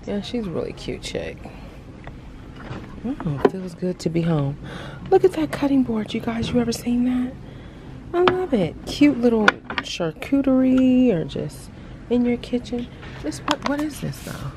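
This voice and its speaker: A woman's voice: on the high side, lively intonation, unhurried. A woman vlogger gushing over items while walking through a large store, often dropping into half-whispered asides. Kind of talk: casual shopping vlog. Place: inside a large retail store. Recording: noisy store ambience.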